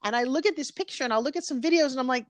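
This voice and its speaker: Animated woman in her fifties, close to tears. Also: sits high, rapid-fire, no echo. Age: 50s. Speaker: guest. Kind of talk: emotional interview conversation. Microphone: live video stream.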